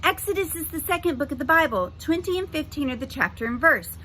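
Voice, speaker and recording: A woman voicing an eager bookish boy, brisk and know-it-all. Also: high voice, animated, pushed and bright, a little hiss or hum, voice pushed up, poor audio.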